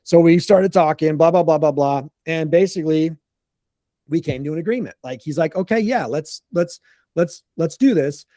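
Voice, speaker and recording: A man's voice: a little high, normal speed, no room sound. Upbeat man telling a story, dry sound. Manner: animated, acts out quotes, repeats words. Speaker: landscaping business coach. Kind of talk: casual storytelling on a group call.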